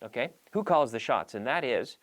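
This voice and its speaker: A man's voice: mid-range voice, expressive, moderate pace, very noisy. A man hosting a playful English lesson, mixing in Spanish and drilling pronunciation. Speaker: English teacher and show host. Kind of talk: lively televised English lesson.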